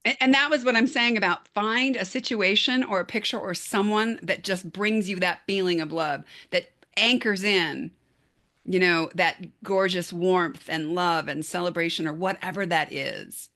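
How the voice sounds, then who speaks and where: A woman's voice: lowish voice, moderate pace, pushed and bright. A woman coaching a group over a video call, speaking in an encouraging, effusive way. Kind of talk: casual group coaching talk.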